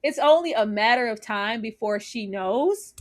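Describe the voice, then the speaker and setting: Woman, TV reviewer, casual chat, fairly high voice, animated, laughs a lot. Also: moderate pace. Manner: animated, laughs often, acts out scenes. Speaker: TV series reviewer on a panel.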